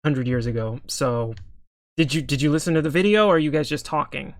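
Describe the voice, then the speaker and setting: A man's voice: fairly high pitch, a little fast, a crowd in the background. A young man giving heated reaction commentary on a video, often stammering and repeating words. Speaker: political commentator.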